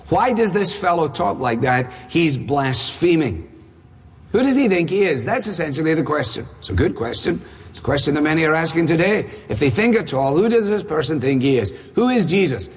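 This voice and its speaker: A man delivers a sermon with a husky, slightly raised voice. He presses his points with emphatic rhetorical questions and dry humor. His words ring out in a large reverberant hall. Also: on the high side. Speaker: preacher.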